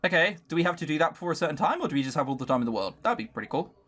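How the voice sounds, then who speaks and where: A man's voice: on the high side, big pitch swings, racing, a bit bright. A man casually reading a visual novel aloud and breaking off into sarcastic, swearing commentary.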